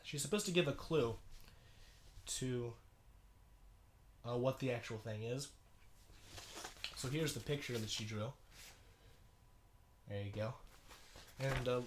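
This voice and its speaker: Young male vlogger, stuffy runny nose, loose halting delivery with many fillers. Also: mid-range voice. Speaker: video blogger. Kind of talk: casual commentary reading a sibling's schoolwork.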